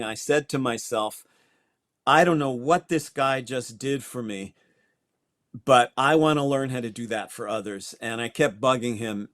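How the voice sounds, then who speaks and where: In an interview conversation, an older guest astrologer from Connecticut reflects on his story, restarting himself now and then. He speaks in a mid-range, fairly bright voice, recorded at studio quality without echo.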